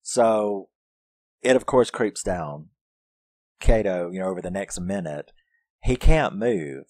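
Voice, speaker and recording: A man's voice: low voice, expressive, slow, darkish tone, dry recording. A man giving a casual, profane review of a horror film, laughing often and acting out lines from it. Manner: profane, laughs often, quotes characters in put-on voices.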